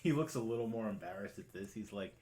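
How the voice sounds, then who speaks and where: A man's voice: on the low side, lively intonation, quick pace, dark tone. A man narrating a tabletop game as game master, rambling and filling his talk with "like". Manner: rambling, full of "like" fillers.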